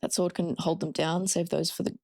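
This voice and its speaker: A woman's voice: lowish voice, level tone, brisk, a little mellow, no room sound, clean studio sound. An Australian woman streaming a horror game, chatting with her viewers and swearing freely. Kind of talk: casual live-stream gameplay commentary.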